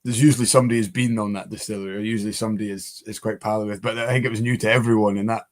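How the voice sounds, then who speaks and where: A man's voice: lowish voice, fairly even intonation, racing. Male host, easygoing, rambling delivery full of fillers and restarts. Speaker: podcast host. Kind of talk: casual chat.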